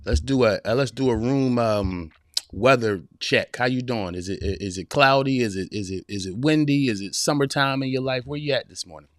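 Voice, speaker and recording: A man's voice: mid-range voice, moderate pace, dry recording, studio quality. A man in his forties hosting a live-streamed motivational podcast, talking straight to his listeners in a casual, preachy way, repeating his points and calling them y'all and man. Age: 40s. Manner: preachy, direct address with repetition. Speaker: podcast host.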